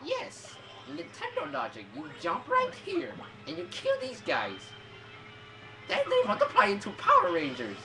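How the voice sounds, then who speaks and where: A woman's voice: very high-pitched, huge pitch swings, measured pace, creaky. A woman commentating her gameplay in a hyper way, shrieking and swearing at the game. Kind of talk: let's play commentary. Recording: game music under voice. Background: game music.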